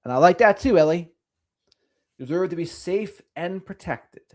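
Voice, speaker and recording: A middle-aged man hosting a casual livestream, speaking in a slightly higher register for a man. His delivery is sing-songy and lively as he chats with viewers. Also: moderate pace. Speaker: livestream host. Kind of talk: casual livestream chat reading comments.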